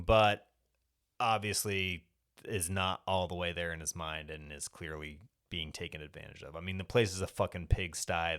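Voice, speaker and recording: Deep smooth-voiced man recapping a film. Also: a bit bright. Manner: rambling retelling with profanity. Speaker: podcast co-host. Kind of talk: casual movie recap chat.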